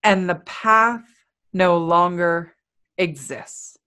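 A woman giving a motivational talk in an energetic, playful, conversational way. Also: lowish voice, extremely slow. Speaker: motivational speaker.

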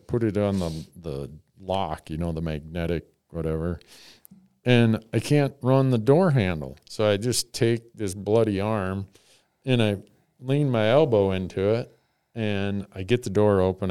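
A man's voice: lowish voice, a little slow, mellow, smooth, dry recording, studio quality. A man hosting a podcast, telling a rambling, self-mocking story in casual chat and chuckling often.

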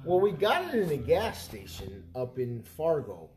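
A man's voice: a little high, big pitch swings, a little slow, a little mellow, soft background music. A man as a podcast guest in casual chat, laid-back and joking about beer.

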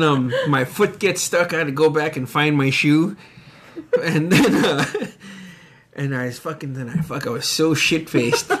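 Guy on a chat podcast, slightly high voice, swears a ton, laughs a lot, faint hiss behind. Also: a bit bright. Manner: laid-back storyteller, swears a lot, laughs often. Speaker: podcast co-host. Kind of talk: casual chat.

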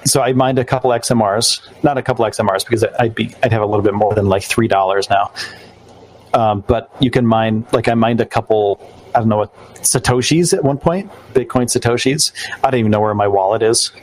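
A fairly low, fairly quick male voice comes through a low-quality recording with no room sound. This New York podcast host keeps up a casual live-stream chat, rambling and restarting loosely with plenty of fillers.

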